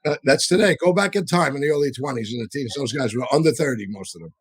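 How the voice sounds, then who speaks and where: A man's voice: medium pitch, quick pace, slightly rough, rough recording. A man telling long, rambling stories in a casual, profane way, full of restarts and asides, on a live show. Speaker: podcast co-host and storyteller.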